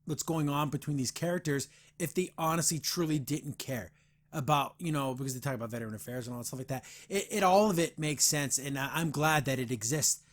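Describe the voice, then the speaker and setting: A man's voice: on the high side, a little fast. A man hosting a podcast, reviewing a comic in casual chat, earnest and rambling, with frequent restarts and heated asides. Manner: gets heated about the veterans system.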